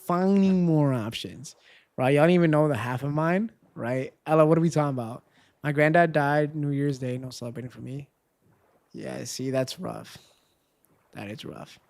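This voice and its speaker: A man's voice: fairly high pitch, normal speed, gravelly, darkish tone. Chatty male streamer ending every line with "right?". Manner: rambling, tags nearly every sentence with "right?"; chatty and candid, swears casually. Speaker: gaming livestreamer. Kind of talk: casual livestream chat with viewers.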